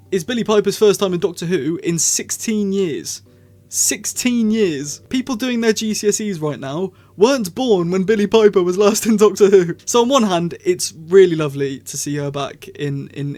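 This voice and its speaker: Man, fairly high voice, casual spoken review, rambling, opinionated, many restarts. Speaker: show reviewer.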